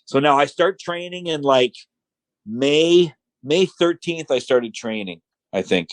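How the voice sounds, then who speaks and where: A man's voice: fairly high pitch, animated, a little slow, dry recording, low-quality recording. A man, a podcast guest, telling stories casually and animatedly, acting out the quotes. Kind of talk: casual storytelling.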